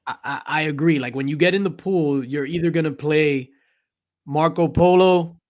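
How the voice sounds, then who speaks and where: A man with a slightly high voice hosts a loose pop culture chat. He jokes around, teasing and bantering loudly with the panel. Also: normal speed. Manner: joking, loud and playful banter. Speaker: podcast host.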